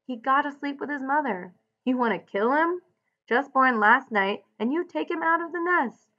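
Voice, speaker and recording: A woman reading aloud the lines of a blunt, weary ranch-hand man who protects his friend, in a rough, plain-spoken way. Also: medium pitch, normal speed, fairly bright tone, lo-fi sound. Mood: scolding.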